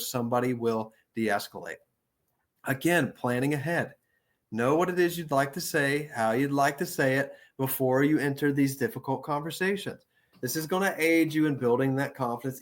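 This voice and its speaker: Steady, assertive male counselor. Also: fairly high pitch. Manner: steady, assertive, deliberate delivery. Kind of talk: instructional talk on boundaries.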